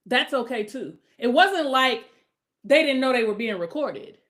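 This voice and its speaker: A middle-aged woman hosting her own podcast, talking casually and bluntly with strong opinions, now and then rising into loud emphatic outbursts. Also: high-pitched, expressive, a little slow. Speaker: podcast host. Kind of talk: casual solo podcast rant.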